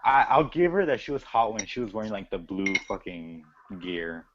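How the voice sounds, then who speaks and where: A man's voice: lowish voice, normal speed. A man co-hosting a podcast, telling stories in casual chat with plenty of swearing and acted-out quotes. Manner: profane, animated storyteller acting out quotes. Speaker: podcast co-host. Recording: dull lo-fi recording with clear noise.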